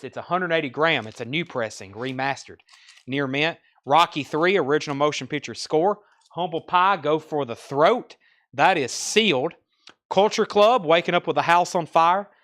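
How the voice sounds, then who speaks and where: A man's voice: on the high side, a bit bright. A man with a Southern US accent hosting a live online record sale, rattling off album titles and prices with chatty asides in casual sales patter.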